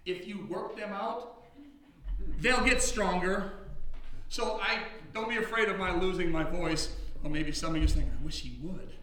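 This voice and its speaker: A middle-aged man preaching a sermon in a loud, booming drill-instructor voice, heard in a church hall. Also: a little slow, long pauses, a little hiss or hum. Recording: echoey hall from far off.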